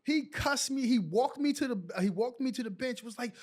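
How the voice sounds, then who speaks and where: A man's voice: very high-pitched, moderate pace, few pauses. A man in his forties, a former basketball player, telling stories in a casual interview and acting out what others said. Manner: animated storyteller acting out quotes.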